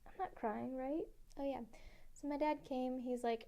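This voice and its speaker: Young adult woman, casual interviewee; loose, filler-heavy storytelling with a slightly high, warm tone. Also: steady tone, a little slow, creaky. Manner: rambling, filler-heavy, swears freely.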